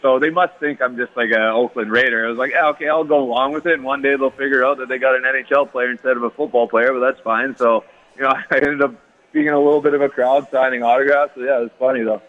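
A man's voice: mid-range voice, steady tone, fast, narrow, tinny audio. A man in his thirties from Canada, a guest athlete chatting casually in an interview, easygoing and rambling with lots of fillers.

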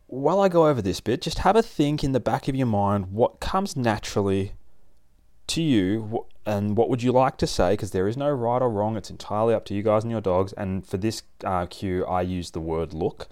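A man with a somewhat low voice hosts a relaxed advice podcast about training dogs. He explains each point in plain, chatty language, often circling back and restarting a sentence. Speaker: dog trainer podcast host.

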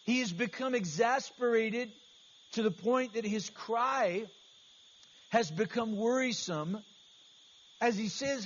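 A man's voice: extremely high pitch, takes it slowly, pauses often, fairly bright tone. A man preaching an earnest, conversational sermon as pastor, often restarting his phrases. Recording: slightly dull, faint hiss.

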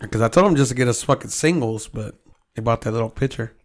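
A man's voice: medium pitch, fast talker. Man telling a story, swearing freely. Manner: storytelling, heavy swearing, quotes himself. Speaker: podcast co-host. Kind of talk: casual chat.

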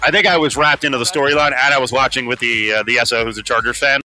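A man hosting sports talk radio, quick and questioning. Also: medium pitch, fairly even intonation, sharp tone. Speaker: radio host. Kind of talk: casual sports radio chat.

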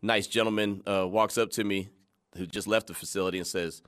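A man hosting a radio show, telling a story in a casual, animated way, laughing and acting out the people he quotes. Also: on the low side, fairly quick. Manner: animated, laughing, retells scenes in quoted voices.

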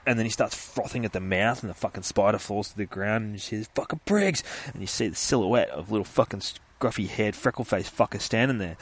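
A man's voice: fairly low pitch, brisk. A man retelling a comic story in casual, profanity-heavy speech, acting out the scenes. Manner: swears constantly, animated retelling with voices.

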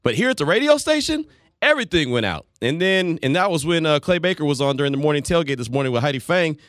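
A man's voice: a little high, big pitch swings, fast talker, fairly bright tone, no echo. A man hosting a sports talk radio show, chatting loosely and rambling between listener messages and calls. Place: radio studio. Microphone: studio microphone.

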